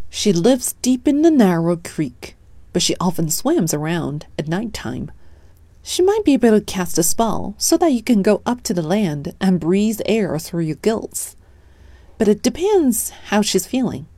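Woman reading as a sensible croaking boy frog, no-nonsense, mellow storybook voice. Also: lowish voice, dry recording. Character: calm helpful male frog by the reeds.

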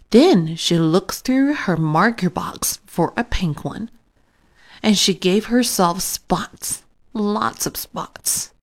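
A woman reading a children's picture book aloud in an expressive, unhurried way. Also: on the low side. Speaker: storybook reader. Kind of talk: children's story read-aloud.

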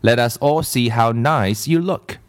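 A man's voice: mid-range voice, a little slow, natural voice. Storybook: a fussy teacher lady with a sugary lilt, voiced by a male reader. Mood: prim. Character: prim fussy female schoolteacher.

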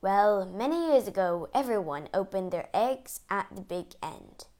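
A woman voicing an anxious male court secretary, pleading urgently in a higher voice. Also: expressive, a little slow, a little mellow.

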